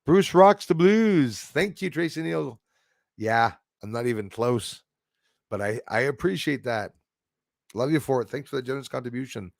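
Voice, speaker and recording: Gravelly-voiced man hosting a livestream. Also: mid-range voice, expressive, normal speed, dry recording, clean studio sound. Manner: rambling, opinionated, laughs at his own jokes. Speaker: livestream host. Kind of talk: casual livestream chat reading viewer comments.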